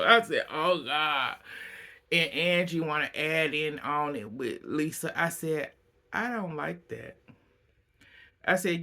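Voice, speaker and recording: A man giving a casual, animated recap of a reality show, laughing often and speaking bluntly with plenty of profanity. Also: on the high side, slow pace.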